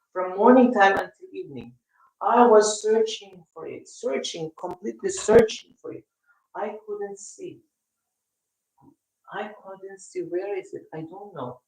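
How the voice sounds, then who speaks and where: A man with a Filipino accent hosting a casual live stream, chatting with viewers in a rambling, halting way. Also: high voice, expressive. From Philippines. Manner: rambling, halting, with many restarts. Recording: echoey room, mic at a distance.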